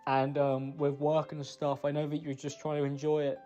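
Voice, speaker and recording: A man giving an emotional, halting spoken apology. He blames himself, pauses often and restarts his sentences. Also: on the high side, monotone, mellow, lo-fi sound, soft background music. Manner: halting, self-blaming, full of pauses and restarts. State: emotional, choked up. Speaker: person recording a personal apology.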